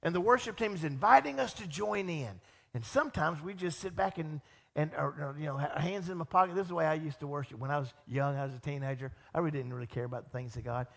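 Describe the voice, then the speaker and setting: A middle-aged male pastor delivers a lively sermon, slipping into the voices of the people he quotes. His voice sits high for a man. The sound carries a long reverb, as in a large church sanctuary. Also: quick pace, gravelly. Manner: animated, acts out quoted voices.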